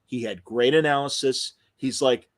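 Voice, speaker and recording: A man hosting an interview podcast, telling stories in an animated, emotional, casual way. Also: medium pitch, normal speed. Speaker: podcast host interviewing comic creators. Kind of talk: casual chat.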